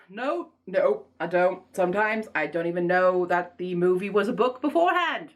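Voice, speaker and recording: A woman book vlogger chatting casually in a put-on snobbish accent, playful and self-mocking, her pitch swooping up and down. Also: expressive, normal speed, hardly any pauses. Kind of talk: casual chat.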